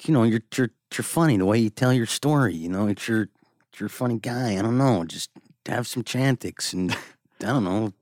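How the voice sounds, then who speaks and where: A man's voice: lowish voice, normal speed, no room sound, clean studio sound. A man chatting casually as a podcast host, telling stories with lots of acted-out quotes and frequent laughter. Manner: animated storyteller who acts out quotes and laughs often. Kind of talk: casual chat.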